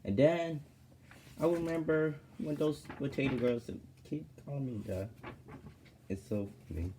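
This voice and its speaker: Man, casual vlog storytelling, rambling with fillers, mellow tone, faint background noise. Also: medium pitch, measured pace. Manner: rambling, many fillers and restarts. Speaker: vlogger.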